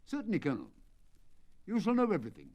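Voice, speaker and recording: Man reading as Sherlock Holmes, calm and precise. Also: sits high, quick pace, pitched above the performer's own voice, full character voice. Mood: imperturbable. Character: cool, imperturbable male detective. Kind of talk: dramatic audiobook reading.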